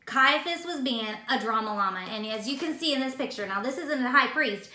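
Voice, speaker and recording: Animated woman telling a Bible story. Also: high voice, fairly quick, echoey room, recorded from a distance. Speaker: Bible teacher.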